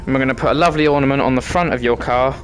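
A man's voice: mid-range voice, fairly even intonation, rapid-fire, a little hiss or hum. A British man giving cheeky, sweary commentary while playing a VR game. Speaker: gamer content creator. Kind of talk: casual gameplay commentary.

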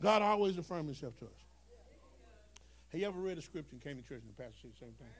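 A male pastor preaching a sermon, dropping to low storytelling and rising to shouted, whooping calls. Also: animated, very fast. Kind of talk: Black Baptist preaching.

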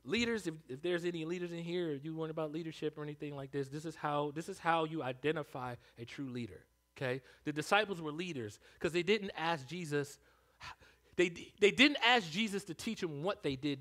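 A man preaching a sermon as pastor, animated, swinging from hushed asides to loud calls. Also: on the high side, fairly quick.

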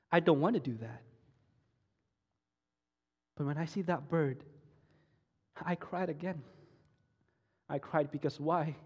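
A man giving an emotional personal testimony sermon at a school week of prayer, swinging from soft to loud and slow, often repeating and restarting phrases. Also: fairly high pitch, breathy edge, lo-fi sound. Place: school worship hall. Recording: echoey hall.

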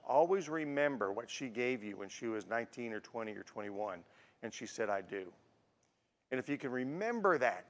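A man in his sixties giving a conversational sermon as a guest preacher, telling personal stories to make his points. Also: medium pitch. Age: 60s. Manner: warm storytelling with personal anecdotes. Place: church sanctuary. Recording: long church-hall reverb.

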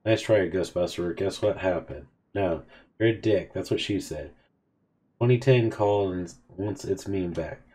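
Deep-voiced man reading texts aloud. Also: unhurried, dark tone. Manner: casual, offhand reading of both sides of a chat. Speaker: gaming video host. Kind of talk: reading in-game text messages aloud.

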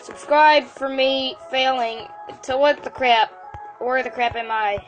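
A woman hosting a casual gameplay video, excitable, often exclaiming and stammering as she plays. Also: high-pitched, a little slow, soft background music. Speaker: game channel host.

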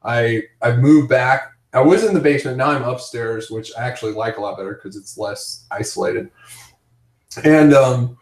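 A man's voice: medium pitch, moderate pace. A man hosting a casual chat, telling rambling stories with frequent laughs. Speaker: podcast host. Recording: roomy, distant from the mic.

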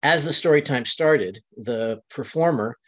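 An American man on a webinar panel, retelling events conversationally, his voice climbing high when he quotes others, with frequent restarts. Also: measured pace, a bit bright. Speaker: panel guest, county LGBTQ commissioner.

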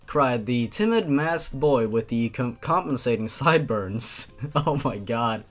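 A man's voice: medium pitch, expressive, measured pace, hardly any pauses, fairly bright tone, faint music behind. A man giving a comedic dramatic reading and giggling at his own asides. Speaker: comedic fanfic reader.

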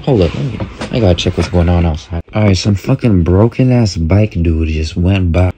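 Young male creator, lowish warm voice, crude off-the-cuff quiz commentary with faint music behind. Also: breathy edge. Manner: crude, joking, reacts loudly and swears often. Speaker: content creator. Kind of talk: casual commentary while taking an online quiz.

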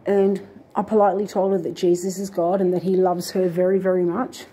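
A woman's voice: on the low side, level tone, fairly quick, mellow, a little hiss or hum. A woman vlogging, telling a long, aggrieved story full of fillers and restarts. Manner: aggrieved, indignant retelling with many fillers and restarts. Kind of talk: rambling personal storytelling.

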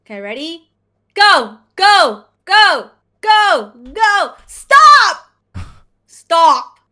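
Excitable woman co-playing a game, high and lively voice, snaps out commands. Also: very slow. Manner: excitable, shrieks and bossy calls. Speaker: gaming co-host. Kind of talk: casual game commentary.

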